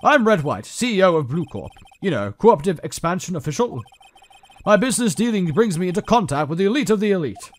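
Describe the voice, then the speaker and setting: A man voicing an arrogant, wordy male CEO villain in a British accent while playing a game, loud and haughty. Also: sits high, big pitch swings, quick pace. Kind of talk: game playthrough voice acting.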